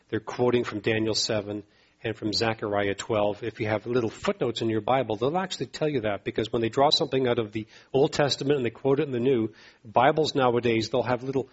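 Male pastor mid-sermon; emphatic, repetitive delivery; husky, muffled recording. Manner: emphatic, repeats phrases, rises in pitch to exhort.

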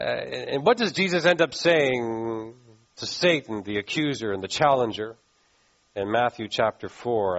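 A man's voice: mid-range voice, muffled recording. A pastor giving a conversational sermon, asking his listeners questions. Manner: conversational preaching with rhetorical questions.

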